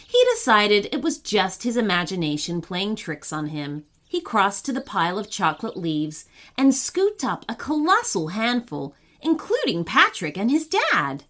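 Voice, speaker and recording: A woman reads a children's bedtime story aloud in an expressive storybook manner. Her voice is mid-pitched and her melody rises and falls a great deal. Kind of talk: scripted bedtime story narration.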